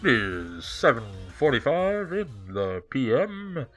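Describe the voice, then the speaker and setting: A man putting on the voice of a calm male airline pilot giving a landing announcement in a measured announcer's delivery. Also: medium pitch, faint music behind, full character voice. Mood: calm announcing.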